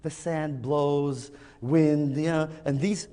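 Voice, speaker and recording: Man doing a cranky cussing father camel, lower and quieter, big hall echo. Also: steady tone, slow. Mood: exasperated. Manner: exasperated, swearing. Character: grumpy father camel, exasperated and cursing.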